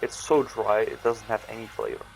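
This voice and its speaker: A man's voice: lowish voice, little pitch movement, creaky, a little mellow, a little hiss or hum, low-quality recording. A young man telling a casual story, rambling, with slang and many restarts, briefly acting out the voices in it. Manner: acts out his own and others' lines in quick bursts.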